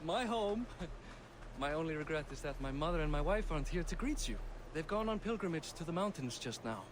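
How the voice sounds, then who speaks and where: A man's voice: a little high, animated, a little fast, background noise, natural voice. An actor playing a proud, hearty middle-aged Norse king in a video game. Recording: game audio over loud city ambience.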